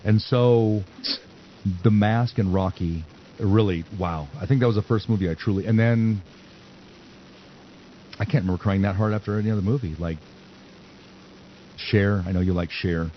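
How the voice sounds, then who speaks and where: A man's voice: on the low side, moderate pace, pauses often. A man hosting a podcast in casual chat, joking and rambling. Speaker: podcast host. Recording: dull lo-fi sound with faint noise.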